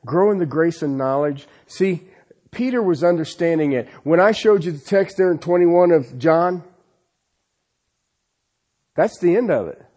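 A man's voice: fairly high pitch, lively intonation, a little slow, pauses often, warm tone. A man preaching a sermon who keeps asking rhetorical questions and checking in with the congregation with "okay?", telling stories with animation. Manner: peppers his points with rhetorical questions and "okay?".

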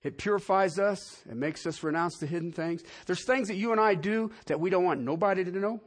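A man's voice: sits high, brisk. A man preaching a sermon as pastor, talking in a conversational way and often asking the congregation questions.

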